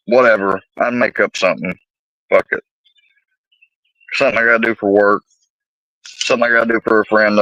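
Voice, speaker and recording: A man's voice: on the low side, bright, forceful tone, low-quality recording. A young man ranting about a personal dispute, profane and rambling, exasperated. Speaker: vlogger telling a personal story. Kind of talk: heated personal rant.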